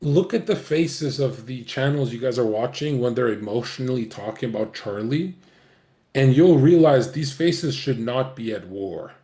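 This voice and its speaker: A man's voice: mid-range voice, expressive, moderate pace, warm tone. A man streaming, rambling through casual commentary to his viewers, profane and joking.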